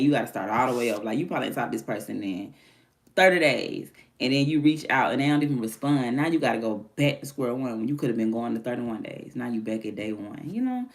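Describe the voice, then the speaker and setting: A woman hosting her own stream, chatting candidly and animatedly in casual slang. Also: extremely low pitch. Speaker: livestream host. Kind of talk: casual chat.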